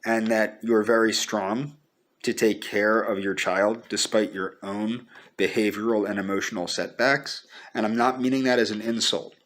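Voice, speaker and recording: Earnest low-voiced man, halting. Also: fairly even intonation, fairly bright tone. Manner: halting and repetitive, restarting sentences; earnest, pleading. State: fighting back tears. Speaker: vlogger. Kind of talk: personal video message to the camera.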